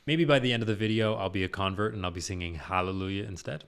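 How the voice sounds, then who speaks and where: A man's voice: low-pitched, quick pace, vocal fry, fairly bright tone, clear, resonant tone. A male vocal coach reacting to a performance, explaining technique and now and then singing short examples to demonstrate. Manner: explanatory, demonstrates sounds with his voice. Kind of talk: music reaction commentary.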